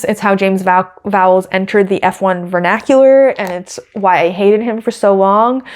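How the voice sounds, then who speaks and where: A young woman hosting a podcast, talking in a casual, gushing and opinionated way with lots of fillers. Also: medium pitch. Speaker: podcast host. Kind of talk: casual chatty commentary.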